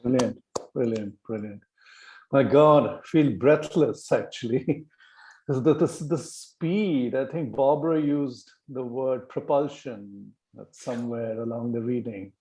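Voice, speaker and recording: A man's voice: medium pitch, slow pace, dark tone, poor audio. A man hosting a poetry series over a video call, praising the poet effusively and asking long, rambling questions. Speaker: host of a poetry reading series. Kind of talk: interviewing a poet.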